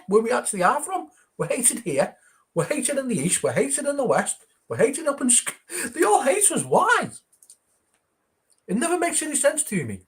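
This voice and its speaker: A man in a casual football chat, emphatic and exasperated, hammering points through repetition. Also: extremely high pitch. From northern England.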